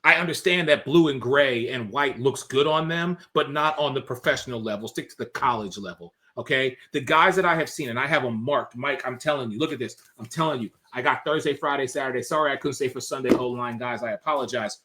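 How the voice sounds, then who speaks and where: A man hosting a casual sports talk show, emphatic and opinionated, turning excitable when he tells a story. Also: medium pitch, fairly quick, few pauses.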